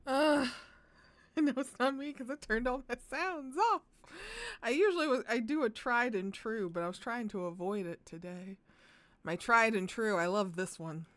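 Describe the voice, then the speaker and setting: A young woman streaming live and commenting on a game, excitable and dramatic, with frequent swearing. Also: on the high side, a little slow, no echo.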